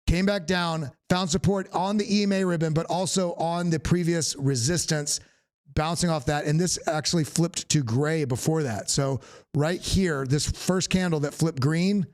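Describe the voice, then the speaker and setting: Hosting a live stream, a man from the Southern United States walks casually through market charts in a live technical analysis, thinking aloud and often restarting his sentences. His voice is on the high side and a little mellow, at a normal speed.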